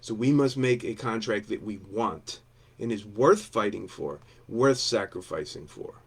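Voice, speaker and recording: A man's voice: fairly low pitch, expressive, measured pace, gravelly, slightly rough. A man, a union steward, giving a blunt, combative campaign talk to coworkers, repeating his points between fillers.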